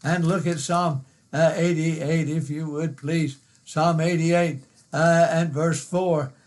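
A man pastor delivering a fervent sermon, repeating phrases and rising into cries. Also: a little high.

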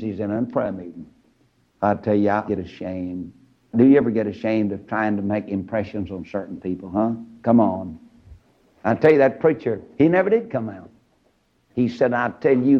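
A man preaching a storytelling sermon, acting out the characters and rising into high shouts. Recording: dull lo-fi old recording.

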